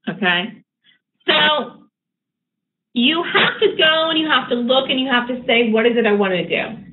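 A woman running a live trading webinar, teaching chart patterns in a brisk, emphatic, conversational way. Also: a little high. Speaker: day trading educator. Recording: tinny phone-like line with faint noise.

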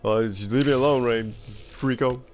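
A man's voice: medium pitch, fairly even intonation, normal speed. A man from Tucson, Arizona, doing casual commentary while playing a fighting game, yelping and laughing as he plays. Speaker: gaming video creator. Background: loud fighting game music and sound effects.

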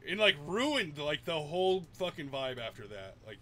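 Lively, bright-voiced laid-back gamer guy. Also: on the high side, normal speed, slight background noise. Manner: laid-back, swears often, laughs a lot. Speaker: gaming streamer. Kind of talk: casual chat while gaming.

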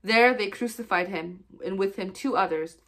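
A woman reading scripture aloud for children in steady, plain narration. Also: medium pitch, normal speed. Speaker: Bible reader for children.

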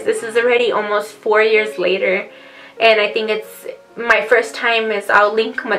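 A woman with a fairly high voice talks straight to her viewers in a personal vlog, earnest and rambling, often calling them "you guys." She speaks softly and slowly, close to tears. Faint music plays underneath. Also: low-quality recording. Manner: soft, slow delivery near tears. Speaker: vlogger. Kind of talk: personal vlog talk to camera. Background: faint background music.

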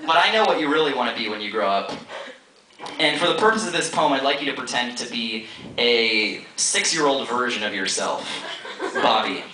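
A man's voice: mid-range voice, animated, moderate pace. A man performing spoken word poetry on a college stage in a rhythmic, theatrical, teasing way. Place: college stage before an audience. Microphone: audience camera from far off. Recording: distant, echoey hall with audience noise.

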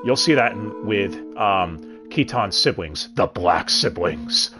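A man hosts a relaxed review stream, chatting freely and tossing in jokes along the way. His pitch swings widely as he talks, and clear music plays behind him. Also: slow, few pauses. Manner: chatty, with joking asides. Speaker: host. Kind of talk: casual review commentary. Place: home streaming setup. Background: background music.

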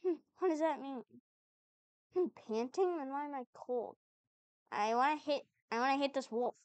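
Woman, high voice, chatty gamer commentary, bemused back-talk, dead-dry sound. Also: moderate pace, darkish tone, dry recording. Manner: chatty, puzzled, talks back to the game. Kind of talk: let's-play commentary.

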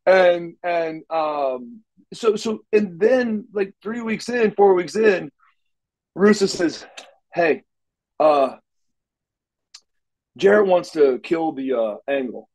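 A man's voice: high-pitched, lively intonation, slow pace, pauses often, darkish tone, rough recording. A middle-aged man, an interview guest, telling stories casually and animatedly, acting out the dialogue with frequent restarts. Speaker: interview guest, former wrestler.

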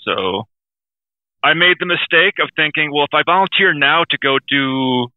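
Candid podcast co-host on a tinny line. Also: male voice, on the high side, animated, normal speed, dry recording. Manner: candid, rambling, self-aware asides. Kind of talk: casual podcast chat.

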